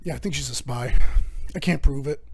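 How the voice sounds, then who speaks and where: A young man hosting his own podcast, rambling through a profane, deadpan comedic monologue. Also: mid-range voice, fairly quick, breathy edge. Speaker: podcast host.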